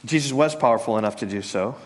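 This pastor's sermon comes in a medium-pitched voice that halts and repeats itself, falling to a gentle hush whenever he touches on tender points.

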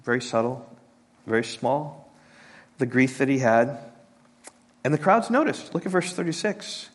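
Soft-spoken, halting male preacher. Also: mid-range voice, animated. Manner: halting, repeats words, sinks to a soft hush on tender points. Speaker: pastor. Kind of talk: sermon.

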